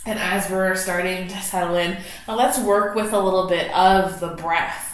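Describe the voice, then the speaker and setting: A woman leading a gentle yoga class, slowly and softly talking students through breathing and stretches. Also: on the low side, steady tone. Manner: soft, slow guiding cues with gentle encouragement. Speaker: yoga instructor. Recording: very echoey room.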